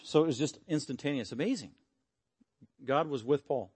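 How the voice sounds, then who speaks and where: An earnest, animated man preaching a sermon and closing in prayer. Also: medium pitch, normal speed, breathy edge. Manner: earnest, animated, acts out quotes.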